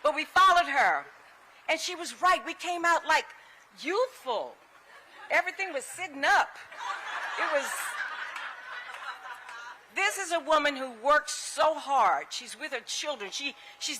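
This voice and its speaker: A woman giving a public tribute speech at an outdoor ceremony, telling stories in an animated way and acting out the people she quotes. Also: high voice, a little slow, pauses often, a little hiss or hum. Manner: animated storytelling, acts out quoted voices.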